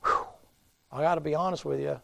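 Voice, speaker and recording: Man, revival preacher, gravelly, folksy storytelling, middle-aged. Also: a little high, steady tone, fairly quick. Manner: folksy, storytelling preacher, swings from loud to hushed. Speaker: pastor. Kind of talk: revival sermon.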